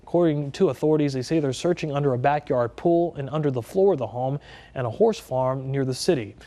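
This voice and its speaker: A man's voice: medium pitch, brisk, dark tone. A man anchoring a local TV newscast, reading stories and bantering with the weatherman. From Texas. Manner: smooth, conversational anchor delivery with light banter. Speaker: news anchor.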